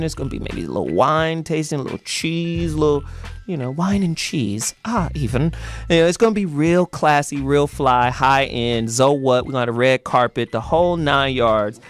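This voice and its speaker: A man hosting a casual morning talk show, talking in an animated, slangy and emphatic way. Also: mid-range voice. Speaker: host. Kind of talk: casual radio-show chat.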